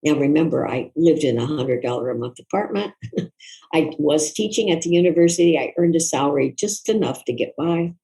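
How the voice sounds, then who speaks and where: An older woman, a guest author, recalling a personal story in an interview in a reflective, soft-spoken, earnest way. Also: deep voice, animated, moderate pace, poor audio.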